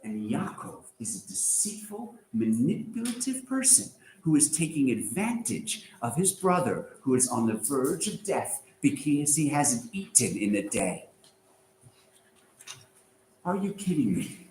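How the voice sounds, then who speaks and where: A man teaching a class, animated and sarcastic, firing rhetorical questions at his students. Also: mid-range voice, unhurried, echoey room, slight background noise, low-quality recording. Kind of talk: lively lecture to students.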